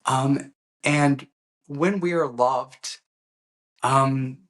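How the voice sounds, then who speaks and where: A man, an author being interviewed, speaking earnestly and emotionally with frequent hesitant pauses. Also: mid-range voice, fairly bright tone. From USA. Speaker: author guest. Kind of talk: heartfelt interview conversation.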